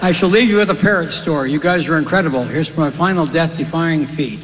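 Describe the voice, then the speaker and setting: A man doing stand-up, telling jokes with brisk deadpan delivery. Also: a little high. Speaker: stand-up comedian. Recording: long hall reverb, faint crowd noise.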